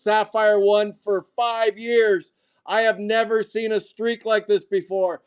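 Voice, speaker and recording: A man hosting a live trading card break, calling out each pull and getting loudly excited over rare hits. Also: sits high, takes it slowly, clear, resonant tone. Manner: hyped, shouting excitedly at big pulls.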